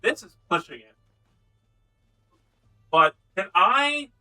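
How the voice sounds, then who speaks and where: A man's voice: high voice, big pitch swings, slow pace, sharp tone, soft background music, poor audio. A man playing a tabletop game, brash and enthusiastic. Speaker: player.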